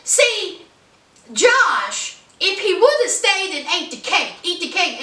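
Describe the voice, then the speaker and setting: Casting note: bright, lively woman, sassy TV recapper, recorded at a distance in an echoey room. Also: very high-pitched, slow pace. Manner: sassy, animated storytelling with laughs. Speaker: reality TV reviewer. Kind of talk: casual commentary. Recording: roomy, distant from the mic.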